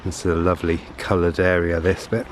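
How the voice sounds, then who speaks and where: Man, lowish voice, rambling casual chat, outdoors on a woodland walk, faint background ambience. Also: monotone, brisk, slight background noise. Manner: chatty and rambling, with restarts. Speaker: nature vlogger. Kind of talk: casual walking commentary. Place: woodland path outdoors, walking.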